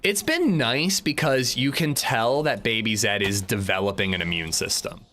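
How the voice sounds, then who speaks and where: A man's voice: mid-range voice, lively intonation, moderate pace, pushed and bright, a little hiss or hum. A young man chatting casually while streaming a survival game, rambling with frequent restarts and fillers. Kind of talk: casual gameplay livestream chat.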